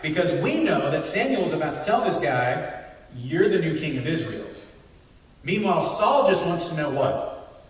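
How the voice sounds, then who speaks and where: A man's voice: a little high, sing-song, normal speed. A man preaching a Bible study sermon, often asking rhetorical questions and adding "right?". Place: church hall. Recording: echoey hall, voice from far off.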